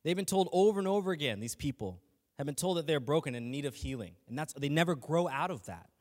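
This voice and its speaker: A man's voice: fairly high pitch, lively intonation, fast talker, in a large hall. A man giving a casual, earnest faith talk as a lay teacher, speaking conversationally with frequent restarts and fillers.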